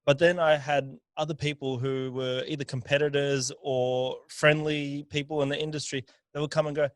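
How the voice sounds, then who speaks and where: A man's voice: on the high side, level tone, normal speed, dry recording. A man in his thirties, a business owner telling his story on a podcast, often repeating words as he thinks. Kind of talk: casual podcast chat.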